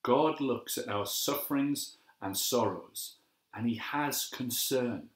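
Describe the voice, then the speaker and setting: A man giving a gentle, measured devotional sermon as a pastor, slowing down to repeat key phrases. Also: medium pitch. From England. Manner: gentle, measured and reflective, with slow emphatic repetitions. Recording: echoey room.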